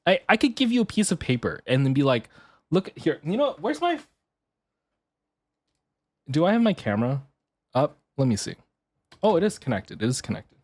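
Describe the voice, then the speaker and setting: A man's voice: fairly high pitch, sing-song, normal speed, long pauses, a little mellow, no echo. A man streaming casually as a VTuber. He swears, laughs often and rants half-jokingly. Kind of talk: casual live-stream chat.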